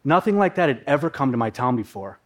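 A man in his thirties from the upper Midwest, telling a personal story on stage in a vivid, dramatic way with pauses. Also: medium pitch, sing-song. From Minnesota, USA. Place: live talk on a stage.

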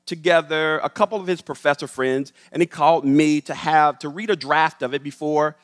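A man tells a story to an audience in an animated, expressive way and slips into the voices of the people he describes. His voice sits a little high for a man. The sound carries a long reverb, like a large hall. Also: moderate pace. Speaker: speaker telling a story to an audience.

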